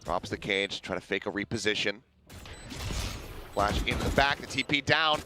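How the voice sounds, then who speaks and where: A man casting esports play-by-play, fast and rising to excited calls on big plays. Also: lowish voice. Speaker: play-by-play caster. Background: game sound effects and music.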